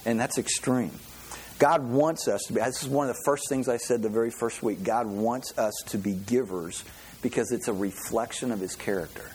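A man's voice: medium pitch, moderate pace, darkish tone, slight background noise. A man preaching a conversational sermon, chatty, often repeating words and restarting, with easy laughs. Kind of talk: conversational sermon with personal story.

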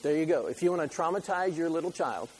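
Lively, joking male preacher. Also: a little high, fast, low-quality recording. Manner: conversational, jokey, with rhetorical questions. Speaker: pastor. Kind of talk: sermon.

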